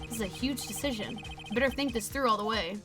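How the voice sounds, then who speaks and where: A woman's voice: on the high side, quick pace, over music, lightly acted. A woman reading a cold, arrogant male prosecutor aloud from a video game, in a haughty, pressing manner.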